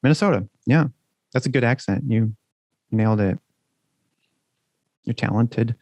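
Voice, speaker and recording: A man co-hosts a podcast in easy, joking banter, with plenty of swearing. His voice sits at an ordinary middle pitch, and the close mic leaves the sound dry. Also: steady tone, takes it slowly, darkish tone, no room sound. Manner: chatty, joking, swears freely. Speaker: podcast co-host.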